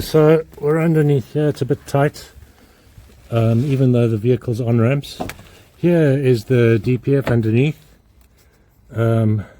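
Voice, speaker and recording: A man's voice: mid-range voice, warm tone. A man working as a mechanic, giving a hands-on how-to demonstration and explaining each step while he works under a car in a garage.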